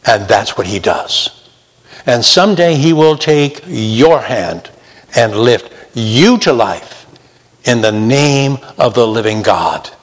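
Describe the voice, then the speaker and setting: A man's voice: mid-range voice, lively intonation, slow pace. A man preaching a sermon with emphasis, slipping into mocking imitations of sinners. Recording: long hall reverb.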